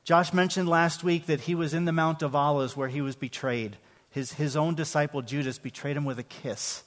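A man's voice: a little high, steady tone, moderate pace. A man preaching a sermon to his congregation in a church, talking conversationally, often repeating words as he starts a phrase, and asking his listeners questions. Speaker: pastor. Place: church sanctuary. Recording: long hall reverb.

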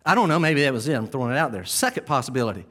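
A man preaching a sermon as pastor, animated, acting out scenes and dropping to quiet asides. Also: medium pitch, very fast. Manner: animated, acts out shouting disciples, drops to near-whisper asides.

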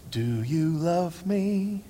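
A man voicing a tender older father who asks his wife for love in a soft, drawn-out way. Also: sits high, big pitch swings, long reverb tail. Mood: yearning. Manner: drawn-out, slow, soft pleading.

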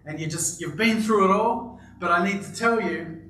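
Lively high-voiced preacher in echoey church. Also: male voice, moderate pace, far from the mic, a little hiss or hum. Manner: animated storytelling with playful asides. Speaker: pastor. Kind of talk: sermon. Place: church auditorium with live congregation.

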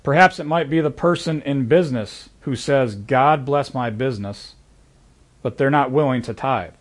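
A middle-aged man delivering a sermon in a conversational, earnest tone. His voice sits at an ordinary middle pitch. He talks plainly but rises with emphasis on the lines he wants to land. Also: moderate pace. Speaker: pastor.

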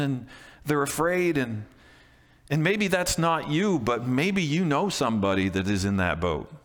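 Man, pastor, sermon, slightly high voice, conversational, long echoing reverb. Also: a bit bright. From Canada. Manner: conversational, with restarts and emphatic repeats.

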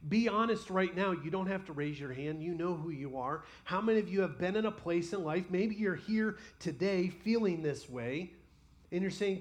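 A male pastor delivers a sermon with a high, ringing voice. He throws himself into imagined prayers with real passion, then settles into quiet, personal asides. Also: lively intonation, moderate pace.

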